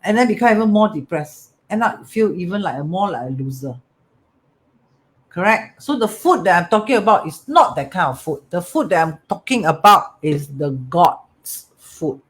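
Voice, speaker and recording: Animated Singaporean man giving a talk. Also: sits high, moderate pace. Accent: Singaporean English. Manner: animated, repeats phrases, keeps asking "right?" and "correct?". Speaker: metaphysics teacher. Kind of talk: motivational talk to viewers.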